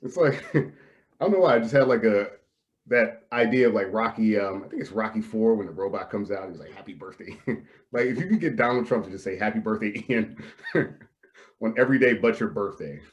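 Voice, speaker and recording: A young man hosts a casual comedy podcast from home, talking over a video call. His voice sits a little low, and he rambles through jokes with plenty of "like"s and easy laughter. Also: lively intonation, a little fast, muffled recording. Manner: laughs often, filler-heavy rambling. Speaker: podcast host.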